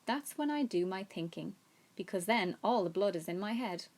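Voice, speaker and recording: A woman reading a storybook aloud, voicing a wise, motherly female spider in a calm, reassuring and slightly brisk way. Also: mid-range voice, natural voice. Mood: soothing.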